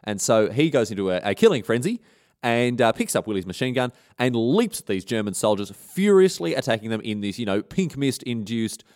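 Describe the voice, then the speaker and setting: A man's voice: mid-range voice, animated, fairly quick, darkish tone. A man, hosting a history podcast and telling the story in a comic, irreverent, slangy and rambling way. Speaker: podcast host.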